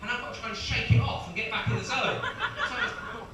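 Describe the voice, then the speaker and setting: A man's voice: very high-pitched, fairly even intonation, quick pace. A man in his thirties doing a chatty, self-mocking stand-up routine for a live audience. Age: 30s. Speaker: stand-up comedian. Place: comedy venue with audience. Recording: echoey venue, distant mic, crowd noise.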